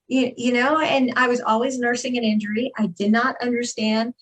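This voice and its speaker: A woman's voice: fairly high pitch, steady tone, a little fast, poor audio. A woman giving a candid, earnest personal testimony as a guest in an interview, with frequent fillers.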